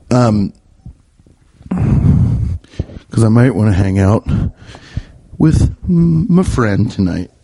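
A man's voice: fairly low pitch, very animated, extremely slow, pauses often, mellow, no room sound. Profane rambling man in his thirties. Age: 30s. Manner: rambling, profane, self-mocking storytelling. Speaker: podcast host. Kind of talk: casual comedic monologue.

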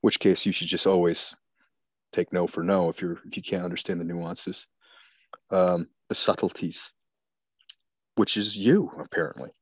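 A man's voice: deep voice, steady tone, moderate pace, pauses often, breathy edge, dry recording. A man talking in a crude, rambling, profane way in casual chat.

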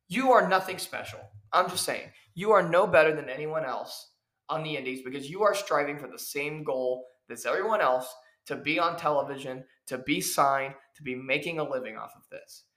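Guy on his podcast going off about wrestling, kinda high voice, echoey room, keeps repeating himself. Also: fairly bright tone. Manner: heated, preachy, repeats his points. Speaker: podcast host, professional wrestler. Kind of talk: ranting solo podcast.

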